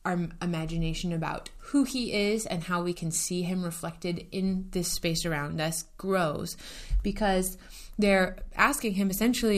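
A woman in a casual book discussion who reads passages aloud expressively and talks through them warmly. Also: on the low side, moderate pace, few pauses.

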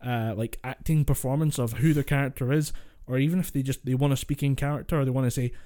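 A man's voice: mid-range voice, steady tone, quick pace, warm tone. A man with a Scottish accent co-hosting a podcast, rambling through points in casual chat and laughing easily. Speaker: podcast co-host.

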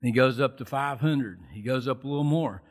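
A man preaching a sermon at a church service, telling Bible stories in a folksy, animated way. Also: medium pitch, brisk. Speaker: lay preacher.

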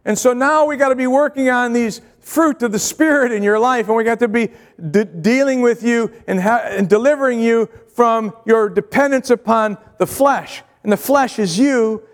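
A man's voice: very high-pitched, moderate pace. A man preaching a sermon to a congregation, earnest and repetitive, asking rhetorical questions. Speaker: pastor. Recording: long hall reverb.

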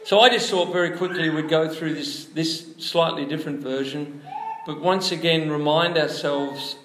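A man's voice: on the high side, steady tone, moderate pace, a bit bright, reverberant, a little hiss or hum. A man preaching a sermon to a congregation in a church, chatty and full of questions to the room. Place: church hall before a congregation.

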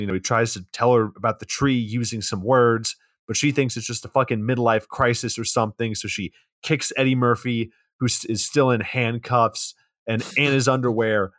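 A man's voice: medium pitch, a bit bright, no room sound, studio quality. A man co-hosting a podcast, recapping a movie's plot in a wry, casual way with offhand swearing.

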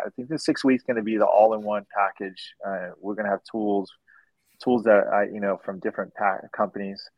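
A man's voice: medium pitch, creaky, a little mellow, no room sound. A man hosting a casual podcast chat who rambles, repeats words and laughs easily. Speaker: host and dent repair trainer. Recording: dull, dry lo-fi sound.

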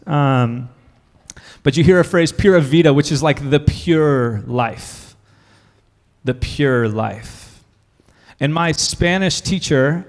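A man's voice: medium pitch, a little mellow. A man, preaching a sermon in a church with a casual, conversational manner full of fillers and restarts. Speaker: pastor.

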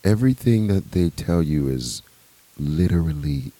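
A man who is a comedian, speaking as a podcast guest in a laid-back way with drawn-out phrases and fillers. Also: a bass voice, lively intonation, dark tone, no echo. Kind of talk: casual podcast chat.

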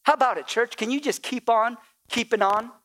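A man's voice: very high-pitched, a little fast, a bit bright. A male pastor preaching a sermon, with call-and-response and repetition that builds to emphatic peaks.

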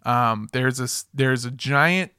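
A man's voice: medium pitch, takes it slowly, pushed and bright, smooth, no echo. A man in his twenties co-hosting a comedy podcast, casual and joking, laughing often as he chats in a recording studio. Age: 20s. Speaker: podcast co-host. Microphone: studio microphone.

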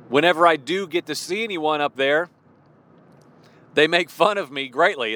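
A man in his forties from Illinois with a slight Midwestern accent, talking casually from his car about faith, chatty and expressive, restarting sentences and chuckling. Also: mid-range voice, smooth. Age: 40s. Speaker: Christian vlogger. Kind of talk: casual devotional talk while driving.

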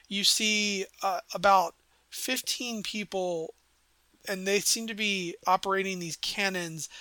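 A man's voice: sits high, sharp tone, no echo. A man narrating a tabletop game as game master, descriptive and rambling with many fillers.

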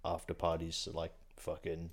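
A young man with a fairly low voice chats as a podcast guest. He rambles through his stories with lots of fillers, swears often and keeps a loose, easy flow. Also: monotone, normal speed, husky. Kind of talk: casual chat.

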